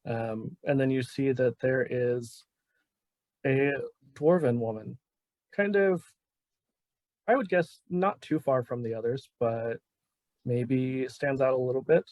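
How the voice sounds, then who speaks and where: A man's voice: medium pitch, slow pace, pauses often, darkish tone, no room sound. Laid-back man running a tabletop game. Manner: casual, laid-back, with frequent fillers and laughs. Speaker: game master.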